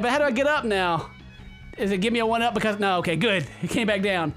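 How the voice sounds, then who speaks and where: A man rattles off jokey let's play commentary, excitable and sarcastic, swearing freely. His voice is bright and sharp, recorded close on a desk microphone with faint game music in the background. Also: sits high, fast. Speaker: gaming YouTuber.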